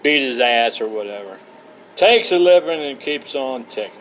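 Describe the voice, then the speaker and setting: A man's voice: medium pitch, animated, normal speed, fairly bright tone, slight background noise, poor audio. A middle-aged man vlogging from a campsite, telling rambling personal stories in a colloquial way, full of uhs and asides. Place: outdoors at a campsite.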